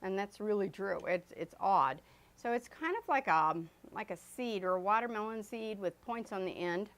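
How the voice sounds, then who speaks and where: A woman's voice: mid-range voice, lively intonation, normal speed. A woman teaching an oil painting lesson as she paints, chatty and loose, with fillers and self-corrections. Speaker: art instructor. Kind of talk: painting demonstration.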